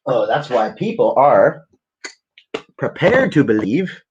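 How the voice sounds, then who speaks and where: A man's voice: medium pitch, very animated, slow, breathy edge, dull audio. A Canadian man hosting a casual live stream, reading articles aloud with sarcastic, profane asides and frequent stumbles. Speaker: livestream host.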